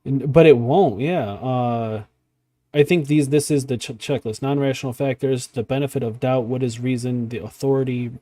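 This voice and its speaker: A man's voice: medium pitch, moderate pace, dark tone, dry recording, studio quality. A man hosting a casual chat, reacting to a video, rambling with many fillers and restarts. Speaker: podcast host.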